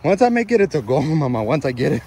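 He has a high-side, sing-song voice and talks quickly against a noisy background. In his thirties, he vlogs a casual family soccer game outside on the phone in his hand, teasing his kids, laughing a lot, and winded.

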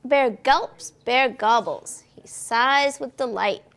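In a high, gravelly voice, a children's librarian reads a picture book at storytime, taking it slowly. She delivers it expressively in a sing-song fashion and asks the children questions.

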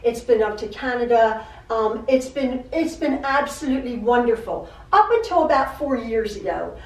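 A middle-aged woman talks casually from her home sewing room, rambling and circling back to repeat herself, often stammering and restarting. Her voice sits a little high. She is recorded from some distance in a room with plenty of echo. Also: lively intonation, moderate pace. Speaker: quilting channel host. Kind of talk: rambling personal chat. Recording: echoey room, mic at a distance.

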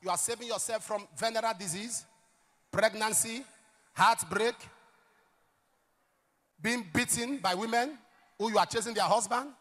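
A male pastor preaching a sermon, emphatic, with sudden shouted lines and questions thrown to the congregation. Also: high-pitched, a little slow, long pauses.

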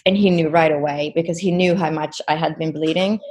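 A woman's voice: low voice, fairly even intonation, brisk, darkish tone, a little hiss or hum. A woman guest in an interview, earnestly retelling a personal experience with many "you know"s. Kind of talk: personal storytelling.

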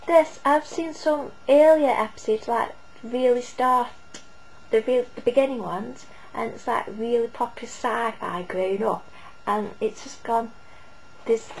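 A woman's voice: on the high side, a little hiss or hum, low-quality recording. A woman giving a casual, rambling spoken review, often hesitating and restarting.

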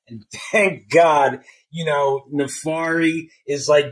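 Male book reviewer, high-pitched for a man, loose and excitable, slangy, swears, acts out his reactions. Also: slow, low-quality recording. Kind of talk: casual spoiler-filled book review.

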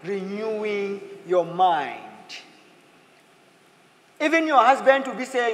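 A high-pitched man preaches a sermon, his voice swinging widely from low murmurs to sharp peaks. He talks in a lively, playful way. The sound is roomy, a long echoing hall with faint ambience behind him. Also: slow, pauses often, slight background noise. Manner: lively, mixes in playful acted quotes and laughter. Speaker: pastor.

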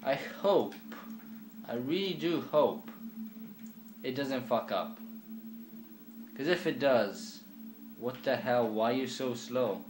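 Slow, rambling young gamer man. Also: mid-range voice, lively intonation, background noise. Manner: rambling, swearing, quiet and offhand. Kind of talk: casual gameplay commentary. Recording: echoey room with faint ambience.

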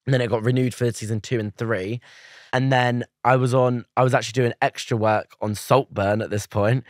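Young male guest, rapid and animated storyteller, dry close recording. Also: medium pitch, dry recording. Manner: animated, acts out other people's lines, laughs often. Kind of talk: casual storytelling interview.

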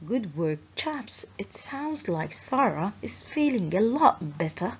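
Woman storyteller, husky, slow and very lively children's storybook reading, muffled lo-fi sound. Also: medium pitch.

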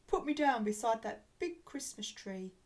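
A woman's voice: a little high, animated, moderate pace, darkish tone, natural voice. Woman reading as jolly old Santa. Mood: cheerful. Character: cheerful jolly old Santa Claus, a man.

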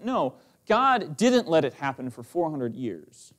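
A man's voice: on the high side, very animated, normal speed. A male pastor preaching a fervent sermon, reading old scripture verses aloud between his comments. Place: church sanctuary.

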